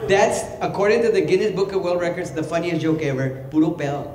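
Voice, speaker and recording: A man, a clown and comedian, telling a joke in an animated way and laughing at his own lines. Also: high-pitched, fast, hardly any pauses, a crowd in the background. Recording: echoey hall with ambient noise.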